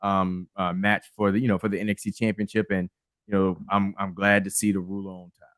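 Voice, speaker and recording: A man co-hosting a wrestling review podcast, relaxed and chuckling, talking through matches with lots of fillers. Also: sits low, dry recording, clean studio sound. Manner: relaxed, laughing, halting with fillers. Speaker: podcast co-host. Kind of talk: casual wrestling review chat.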